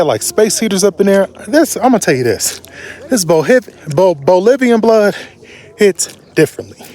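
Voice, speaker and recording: Animated slangy man vlogging his travels. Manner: animated, slangy storyteller with big pitch jumps. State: short of breath at altitude. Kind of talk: casual travel vlog narration.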